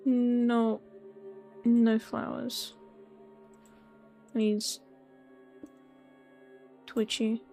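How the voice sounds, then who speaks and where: A woman's voice: fairly high pitch, level tone, drawn-out words, long pauses, dark tone, soft background music. A woman streamer chatting casually while sleepy and yawning, rambling and self-deprecating, often trailing off.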